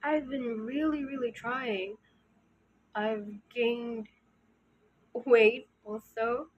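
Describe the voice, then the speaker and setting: A woman in her early twenties, soft-spoken and hesitant, talking openly to her channel in a casual, confessional way. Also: on the high side, fairly even intonation, drawn-out words, highs cut off, a little hiss or hum. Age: early 20s. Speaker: channel host.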